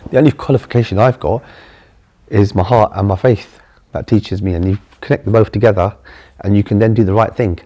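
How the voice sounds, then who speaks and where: A man's voice: on the low side, steady tone, a little fast, mellow. A middle-aged man with a London accent, a charity chief executive earnestly telling stories in an interview, often restarting his phrases. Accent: London English. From England. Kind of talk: storytelling in an interview.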